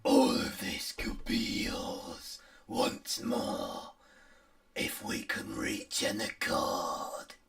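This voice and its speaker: A man voicing a sinister, scheming hag in whispered role-play, slow and breathy. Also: low voice, huge pitch swings, a bit bright, full character voice. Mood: menacing.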